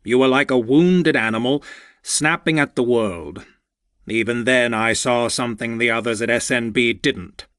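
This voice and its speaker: A man narrating an audiobook, voicing a proud older male mentor who speaks with heartfelt, unhurried warmth. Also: medium pitch, clean tone, dry recording, studio quality, lightly acted. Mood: tender.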